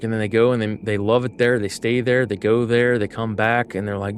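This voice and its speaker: A man from the United States rambles easily through a gaming stream, talking at an average pitch with plenty of ums and likes. His chat is loose and unhurried, and a faint hum of background noise sits under his voice. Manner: rambling, filler-heavy, easygoing. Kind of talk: casual rambling chat while playing.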